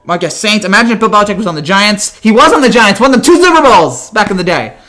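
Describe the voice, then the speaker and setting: A hyper young man answering chat on a live stream, rattling off words at a sprint. His voice sits high, and he often trips into restarts. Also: lively intonation, bright, forceful tone. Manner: hyper, rapid, full of restarts and stumbles.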